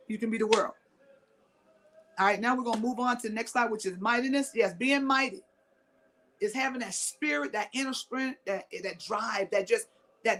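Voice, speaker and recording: A woman's voice: on the high side, a bit bright. Emphatic woman giving a motivational talk. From Mississippi, US. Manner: emphatic, repeats key phrases, asks audience questions. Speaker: motivational speaker.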